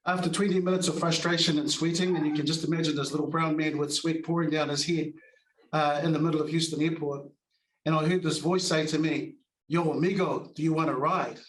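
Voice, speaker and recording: A man from New Zealand, with its accent, giving an informal, self-deprecating acceptance speech with many fillers at an awards ceremony. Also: on the high side. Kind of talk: acceptance speech in Māori and English. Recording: echoey, from far off.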